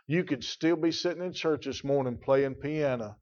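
A man delivering a sermon from the pulpit. His mid-range voice swells louder on key words and stretches them out for weight. The recording sounds dull and lo-fi. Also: medium pitch. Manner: emphatic preaching with rising volume and drawn-out stresses; addresses congregation members by name. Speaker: pastor.

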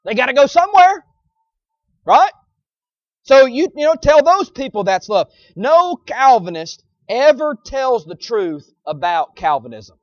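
A man's voice: very high voice, very animated, measured pace, dry recording. A man preaching a sermon in a folksy, emphatic style, with sarcastic asides to his congregation, on a dull lo-fi recording.

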